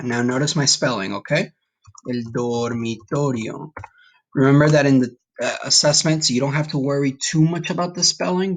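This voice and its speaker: A man's voice: mid-range voice, a bit bright. Encouraging male Spanish teacher. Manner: patient, encouraging, checks in with "okay?". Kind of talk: recorded online lesson.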